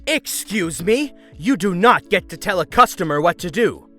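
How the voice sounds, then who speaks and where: A man voicing a shrill, furious, entitled woman customer who screams, bullies and interrupts. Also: big pitch swings, moderate pace, bright, forceful tone, soft background music.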